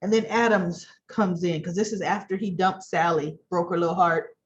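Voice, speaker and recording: A woman's voice: steady tone, normal speed, muffled recording, a little hiss or hum. A woman casually recapping soap opera episodes, chatty, often acting out the characters' lines in changing voices. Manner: chatty, acts out characters' lines with shifting pitch.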